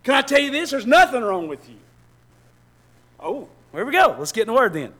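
Pastor, sermon. High, bright voice; bursts into shouts, then soft asides, stumbles and repeats. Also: male voice, sing-song, fairly quick. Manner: shifts between loud shouting and soft low asides, repeats and restarts. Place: church hall with congregation.

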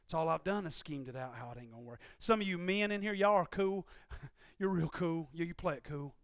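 A man preaching a sermon in a high, bright voice. He talks plainly and folksily, then climbs into shouted, impassioned runs. The sound is dry and close. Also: brisk, no room sound. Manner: swings from low conversational asides to shouted, impassioned climaxes; folksy, uses ain't and y'all.

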